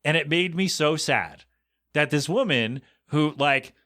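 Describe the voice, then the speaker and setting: A man's voice: a little high, unhurried. A man hosting a podcast, rambling casually through a story and acting out what people said. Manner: animated storytelling, acts out quoted voices. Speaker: podcast host.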